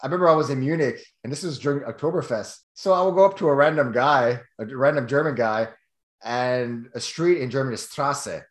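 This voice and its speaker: Animated man telling stories, echoey room. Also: mid-range voice, a little fast. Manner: animated storyteller, laughs often. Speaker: podcast co-host. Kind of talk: casual chat.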